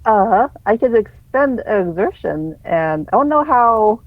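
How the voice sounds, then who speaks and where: A woman's voice: on the high side, sing-song, takes it slowly, no room sound. A woman playing a tabletop game over voice chat, hesitant with many fillers, heard through muffled audio. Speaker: player. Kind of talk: casual play over voice chat. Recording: muffled phone-quality audio in a dry room.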